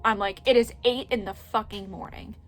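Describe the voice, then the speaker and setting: A young adult woman vlogger telling a story in casual chat, animated and chatty, swearing freely and acting out what people said. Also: medium pitch, moderate pace, faint music behind.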